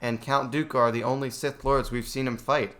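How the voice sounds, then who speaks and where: A man's voice: mid-range voice, steady tone, a little fast, fairly bright tone. A man co-hosting a casual movie review chat, with dry and critical points made matter-of-factly. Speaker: co-host.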